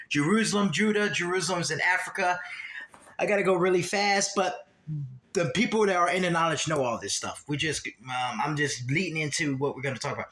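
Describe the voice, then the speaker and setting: A man's voice: a little high, brisk, bright, forceful tone. A man giving a heated scripture commentary monologue, fiery and emphatic, hammering points home with long repeated lists.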